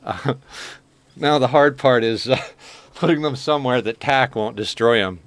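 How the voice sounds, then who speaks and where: A man's voice: mid-range voice, measured pace, dry recording. A man streaming a game, chatting casually with his viewers in a heartfelt, emotional way. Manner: heartfelt, soft-spoken, emotional.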